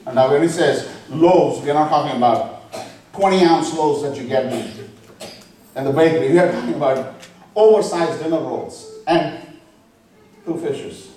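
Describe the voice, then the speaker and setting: A man's voice: fairly high pitch, normal speed, long pauses, warm tone. A man preaching a sermon, asking the congregation questions and quoting scripture. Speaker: pastor. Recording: echoey room, voice from far off the mic.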